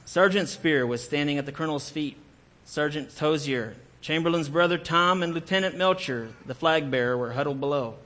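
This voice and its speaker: A man's voice: fairly high pitch, moderate pace, a bit bright. A man telling a historical war story aloud in an earnest, dramatic way, sometimes correcting himself. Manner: earnest, with occasional self-corrections.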